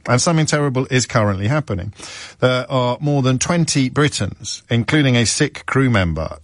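A man's voice: mid-range voice, no room sound. Middle-aged guy on a radio show, rambly and wry, voice jumps all over, dry studio sound. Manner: rambling, self-correcting, wry storyteller. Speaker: radio phone-in host. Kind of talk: chatty on-air monologue.

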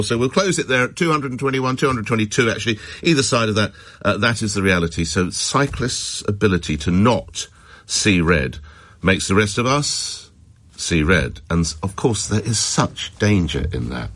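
Low-voiced male talk radio host. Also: a bit bright. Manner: brisk, opinionated, interjecting. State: recovering from a cold.

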